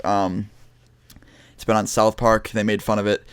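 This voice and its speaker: A man's voice: lowish voice, little pitch movement, a little slow, clean tone, no echo, clean studio sound. A young man vlogging, telling a story to his viewers in a blunt, casual way with lots of swearing and restarts.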